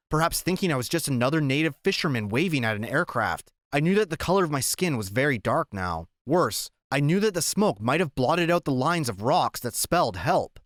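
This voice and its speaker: A man narrating a novel as an audiobook, expressive and storytelling. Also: medium pitch, no echo, clean studio sound. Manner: expressive reading, acting out shouted lines.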